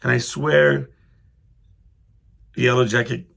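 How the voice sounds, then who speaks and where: A man with a gravelly, creaky edge to his mid-pitched voice tells a story on his own podcast. He rambles, cuts himself off and restarts, and chuckles along the way. His tone stays loose and conversational. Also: slow pace, a bit bright. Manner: rambling, self-interrupting, chuckling as he goes. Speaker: podcast host. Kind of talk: casual storytelling monologue.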